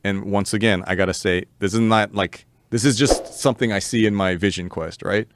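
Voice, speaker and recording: A man's voice: lowish voice, a little fast, background noise. A man guest on a podcast, telling a story in casual, rambling, profane chat, laughing often, on a close studio mic.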